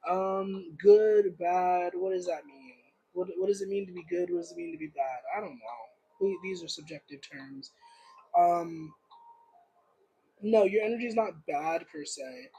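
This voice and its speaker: A man's voice: high-pitched, a little slow, vocal fry, dark tone, slight background noise, rough recording. A young man giving a casual livestream tarot reading, rambling and searching for words with lots of fillers. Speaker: tarot reader.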